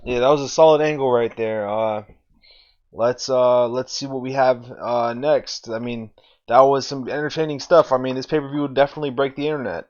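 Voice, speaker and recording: A man's voice: medium pitch, steady tone, fairly quick, darkish tone, muffled recording. A young adult man co-hosting a casual chat, hyped and slangy. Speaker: co-host.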